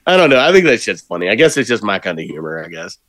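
A man's voice: on the low side, very animated, fast, a bit bright, no echo. An American man co-hosting a podcast, rambling and laughing as he explains a film's jokes. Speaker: podcast co-host. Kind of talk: casual movie review chat.

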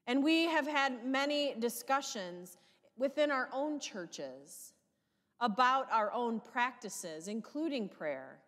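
A woman pastor preaching a sermon in a measured, emphatic way, her questions sometimes rising with passion. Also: on the high side, animated, fairly bright tone, in a large hall.

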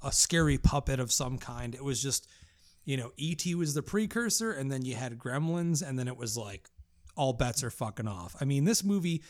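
Guy hosting a chat, gets worked up, swears a lot, trips over his words. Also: mid-range voice. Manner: excitable, swears a lot, restarts sentences. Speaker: podcast host. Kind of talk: casual chat.

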